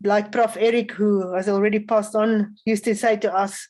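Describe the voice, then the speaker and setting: A woman giving measured spoken feedback to young violinists as a festival adjudicator, often pausing with "um.". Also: mid-range voice, little pitch movement, a little mellow, rough recording. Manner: measured, instructive, frequent um fillers.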